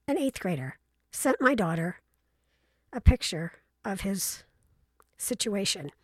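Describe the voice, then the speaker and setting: A woman's voice: mid-range voice, big pitch swings, slow, no room sound. A middle-aged woman hosting, telling stories in a frank, chatty and playfully blunt way, acting out other people's voices in her anecdotes. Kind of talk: casual storytelling monologue.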